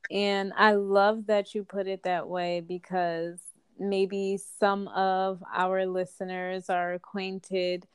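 A woman hosting a podcast interview who responds to her guest in a calm, affirming, reflective way. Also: lowish voice, clean tone, no echo, studio quality. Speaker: podcast host.

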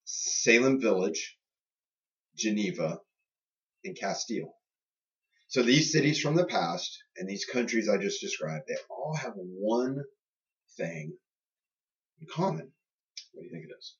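Speaking unhurriedly with long pauses, this man has a lowish, slightly bright voice and is very animated. He co-hosts a podcast, joking casually about faith and government and slipping into goofy party voices, all captured in a muffled, far-off lo-fi recording.

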